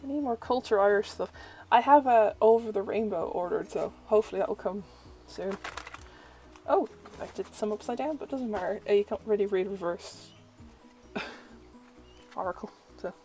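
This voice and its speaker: A woman's voice: medium pitch, normal speed, long pauses, warm tone, soft background music, poor audio. A young woman tarot reader, chatting through a first look at an oracle deck and filling her talk with "like". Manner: chatty, uses "like" a lot; gushing, easily delighted.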